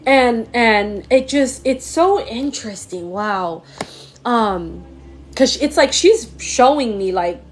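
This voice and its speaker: A woman's voice: on the high side, animated, slow, faint music behind. A young woman giving a live-streamed psychic reading, emotional and gushing, with many repeated words and fillers. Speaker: psychic medium. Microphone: phone or computer mic on a live stream.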